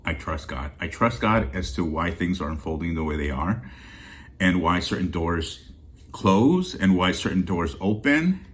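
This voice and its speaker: Male vlog host with a deep voice, teary-eyed, rambling and heartfelt, casual chat straight to viewers. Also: expressive, a little slow, a little hiss or hum. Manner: heartfelt and rambling, with many restarts. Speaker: deal-hunting channel host.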